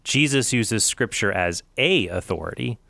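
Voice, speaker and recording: A man in a theological debate, reasoning step by step in a measured way. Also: fairly low pitch, lively intonation, gravelly, pushed and bright, no room sound.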